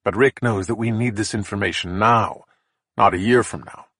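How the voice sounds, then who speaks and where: Brief: male first-person thriller narrator, husky, matter-of-fact, dry studio read. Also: on the low side, normal speed, fairly bright tone, no room sound.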